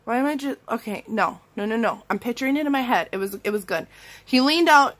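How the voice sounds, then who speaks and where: A woman vlogging from bed while sick with strep throat, telling an animated story full of "like" fillers and acted-out quotes. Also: a little high, a little fast. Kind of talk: casual storytime rant. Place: in bed at home.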